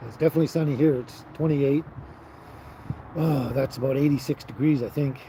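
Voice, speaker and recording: Out on the street, a man chats casually with his livestream viewers, reading their messages in a mid-pitched, brisk, easygoing voice. He chuckles between thoughts and trails off with fillers, while traffic and street noise are clear on the low-quality recording.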